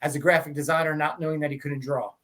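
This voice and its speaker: A man's voice: fairly high pitch, steady tone, fast, a bit bright. Rambling, laughing male podcast host. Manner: rambling, with many restarts, laughing through his stories. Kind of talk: casual conversational storytelling.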